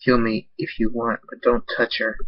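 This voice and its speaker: A man voicing a brave young male hero, talking earnestly and pleadingly with a husky voice. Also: mid-range voice, completely flat delivery, moderate pace, dry recording, close to an everyday voice. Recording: dull dry lo-fi recording.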